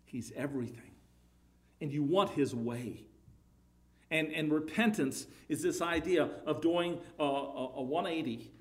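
A man's voice: on the high side, a little slow. A man preaching a sermon, emphatic, his voice rising and falling in volume, often repeating words.

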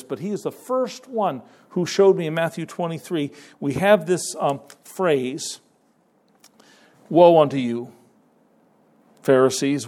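A man's voice: on the high side, dark tone. A man preaching a sermon in a conversational way, with sudden emphatic rises.

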